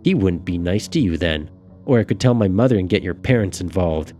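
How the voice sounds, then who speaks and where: A man's voice: low-pitched, lively intonation, a little fast, dark tone. A man reading aloud, voicing a tearful, spoiled little girl with a whiny, pleading manner, over faint music.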